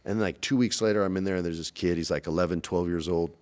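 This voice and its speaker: A man in his forties, a guest in a casual interview, telling animated stories and acting out the people in them. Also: deep voice, quick pace. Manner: animated storyteller, acts out quoted voices.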